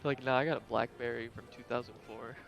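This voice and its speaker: A man chiming into a group voice chat with dry jokes. His voice is gravelly with a middle pitch. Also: fairly even intonation, fast, soft background music. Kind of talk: casual voice chat.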